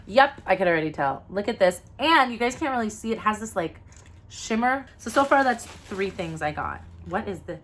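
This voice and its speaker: Gushing excitable mom vlogger woman. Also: mid-range voice, normal speed. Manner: gushing, excitable, gasps and squeals. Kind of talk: casual unboxing vlog.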